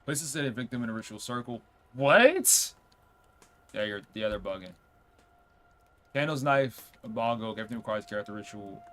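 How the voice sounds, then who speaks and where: A man streaming a game, chatting casually, reading on-screen text aloud and reacting with quick outbursts. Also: fairly low pitch, fairly bright tone. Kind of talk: casual let's-play commentary.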